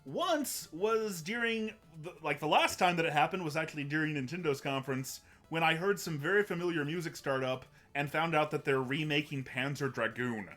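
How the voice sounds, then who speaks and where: A man's voice: on the high side, moderate pace, few pauses, a bit bright, faint music behind. A man hosting a casual livestream, talking in a rambling way with many restarts and fillers. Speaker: host.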